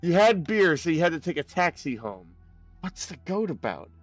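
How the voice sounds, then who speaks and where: Excitable young man chatting on stream. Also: on the high side, dry recording, faint music behind. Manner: excitable, rambling, quick laughs. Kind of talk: casual live-stream chat while gaming.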